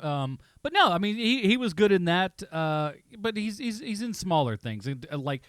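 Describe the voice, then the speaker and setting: A man's voice: high-pitched, sing-song, fairly bright tone, dry recording, studio quality. A man co-hosting a podcast, chatting casually about movies and joking around with his co-host. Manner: jokey, quick to act out movie lines in silly voices. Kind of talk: casual movie review chat.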